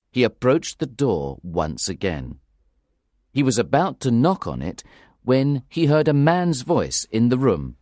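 A man narrating a graded-reader storybook with clear, careful delivery. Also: medium pitch, a little mellow, no room sound, studio quality. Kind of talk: audiobook reading of a graded reader.

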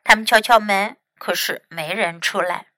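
A woman English teacher reading a storybook aloud slowly and clearly, switching between two languages, on a close microphone. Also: mid-range voice, pushed and bright, no room sound. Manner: slow, clear, careful reading.

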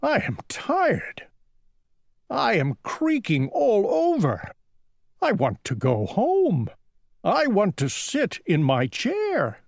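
A storyteller voicing an old elephant king who complains he is creaking all over and wants to go home. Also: medium pitch, wildly swooping pitch, slow pace, no echo, clean studio sound, pitched above the performer's own voice, heavily acted. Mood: weary.

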